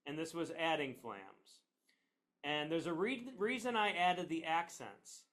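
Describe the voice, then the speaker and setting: Middle-aged guy teaching drums, kinda high voice, chatty, lots of ums, classroom. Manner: relaxed, chatty, with many fillers and tag questions. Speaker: percussion teacher. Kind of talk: classroom lesson. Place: classroom near a train line.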